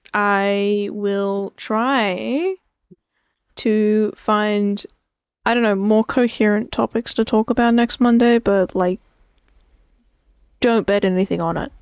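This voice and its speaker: A woman's voice: mid-range voice, smooth, no echo, clean studio sound. A woman streamer chatting casually while sleepy and yawning, rambling and self-deprecating, often trailing off.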